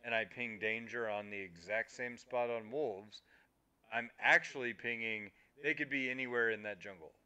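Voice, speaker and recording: A man's voice: mid-range voice, normal speed, bright, forceful tone, smooth, dull audio. A man co-hosting a casual gaming podcast, explaining things in an emphatic way and swearing casually. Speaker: podcast co-host. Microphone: streaming microphone.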